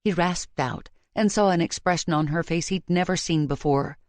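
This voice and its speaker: Woman narrating a romance, low voice. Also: darkish tone, no room sound. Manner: measured, emotive reading. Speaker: audiobook narrator. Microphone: close studio mic.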